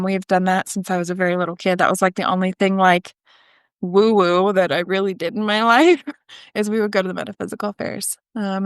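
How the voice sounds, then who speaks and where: A woman of mid-range pitch tells her own story as a podcast guest, loose and conversational, dotted with ums and likes and quick restarts. The recording is dry and close, with almost no room sound. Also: no room sound. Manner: conversational, frequent ums and likes, self-correcting. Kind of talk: candid personal storytelling.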